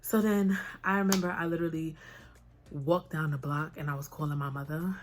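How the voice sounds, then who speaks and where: A young woman vlogger telling a personal story in a casual, animated, chatty way. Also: sits low, fairly quick.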